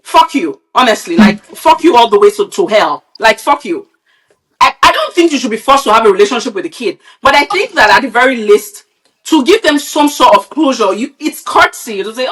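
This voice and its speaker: A woman's voice: fairly high pitch, very animated, brisk, a bit bright. A woman from Nigeria, a podcast co-host, ranting bluntly and with a lot of swearing in casual, opinionated chat. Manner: blunt, profane, heated ranting.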